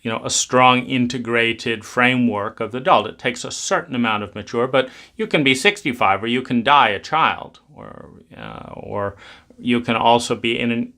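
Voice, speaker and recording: A man speaking on self-help in a conversational, thinking-aloud manner. He often slips into voicing the different parts of a person. His tone is bright and he speaks at an average pitch. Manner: conversational, musing, acts out inner voices. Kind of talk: reflective spoken talk on adulthood.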